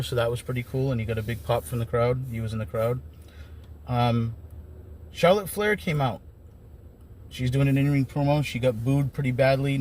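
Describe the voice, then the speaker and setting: A man's voice: medium pitch, darkish tone. A man giving a casual, rambling recap of wrestling shows as an enthusiastic fan. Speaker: wrestling commentator.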